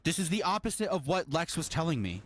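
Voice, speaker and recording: A man on a live stream, stunned and halting, repeating himself. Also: a little high, sing-song, a crowd in the background. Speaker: streamer hosting the interview.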